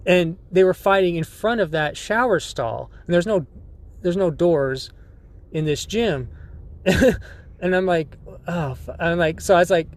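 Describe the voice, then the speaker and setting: Man, podcast host, casual storytelling, profane, rambling, laughing, somewhat high pitch.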